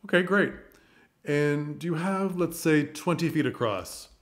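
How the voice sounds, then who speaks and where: A man's voice: fairly high pitch, a little slow. A man hosting a theater channel, giving chatty, encouraging advice. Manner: chatty, coaching, encouraging, with rhetorical questions. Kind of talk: casual advice monologue.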